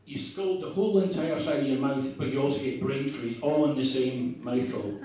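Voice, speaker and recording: A man's voice: mid-range voice, normal speed, dark tone. A man with a northeast Scottish accent doing a rambling, self-deprecating stand-up set at a bar open mic night. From Scotland. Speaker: stand-up comedian. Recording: echoey bar heard from a distance.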